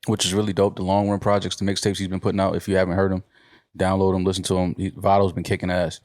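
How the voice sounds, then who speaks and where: A man's voice: low voice, completely flat delivery, quick pace, a little mellow, no echo, studio quality. A man co-hosting a casual podcast chat, teasing and laughing often. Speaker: podcast co-host.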